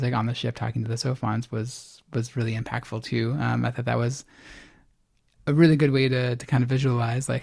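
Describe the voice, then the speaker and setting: A podcast co-host talks through a TV series in relaxed chat. The voice carries a gravelly fry and moves hesitantly through its points. It sits at a middle pitch. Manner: hesitant, lots of fillers and restarts, laughs along. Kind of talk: casual chat about a TV series.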